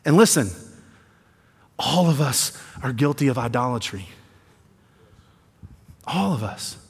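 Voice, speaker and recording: A man from the American South, preaching a sermon that swings between quiet emphasis and rising intensity, with sarcastic asides. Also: medium pitch, lively intonation, slow pace, gravelly, husky. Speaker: pastor. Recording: long hall reverb.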